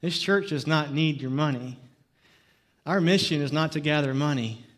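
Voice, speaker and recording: A man's voice: fairly high pitch, moderate pace. A man preaching a sermon as pastor, opening with jokes and stories before turning earnest. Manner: jokey storytelling, then earnest preaching.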